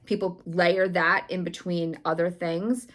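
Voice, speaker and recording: A woman's voice: lowish voice, fairly even intonation, unhurried, fairly bright tone. A middle-aged woman chatting casually about her recipes, enthusiastic, with many ums and likes. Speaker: weight loss vlogger.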